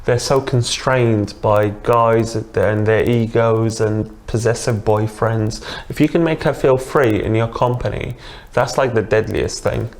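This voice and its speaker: British male guest, lower pitch, enthusiastic explainer. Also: steady tone, measured pace. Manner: chatty and enthusiastic, explains with examples. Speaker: dating coach guest. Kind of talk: casual interview.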